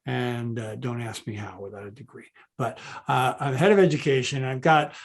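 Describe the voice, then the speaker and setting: Male guest, behavior specialist, animated storyteller, mid-range voice, video call interview. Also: mid-range voice, moderate pace, vocal fry. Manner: animated, many restarts, quotes others in his own voice.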